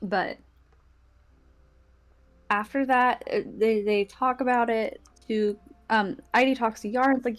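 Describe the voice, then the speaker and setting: A woman's voice: a little high, fairly even intonation, moderate pace, long pauses. A woman giving a rambling, casual recap of the last tabletop game session, full of fillers and acted-out lines from her friends.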